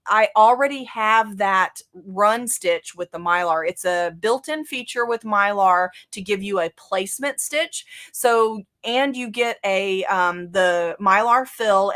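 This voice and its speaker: A woman with a Southern US accent hosts a live software lesson. She talks in a casual, conversational way, thinking aloud and dropping in "um"s and "okay"s as she clicks through each step. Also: medium pitch. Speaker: software instructor.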